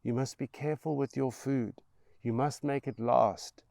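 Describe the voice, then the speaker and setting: A man's voice: mid-range voice, steady tone, measured pace, gravelly, dark tone, dry recording, studio quality, pitched above the performer's own voice. A man voicing a desperate mother who urges her son to leave. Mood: pleading. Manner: urgent, pleading. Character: desperate mother driven to breaking point.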